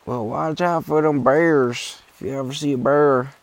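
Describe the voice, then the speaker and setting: A man voicing a rowdy, rum-loving old man in a boastful, loud drawl. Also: mid-range voice, steady tone, measured pace, voice pushed up, lightly acted.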